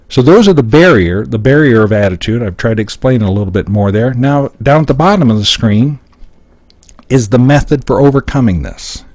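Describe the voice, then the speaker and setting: A man's voice: mid-range voice, a little mellow, no echo. A middle-aged American man giving a live seminar, explaining points on his slides step by step. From United States. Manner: explanatory, walks through points on a screen. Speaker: seminar speaker.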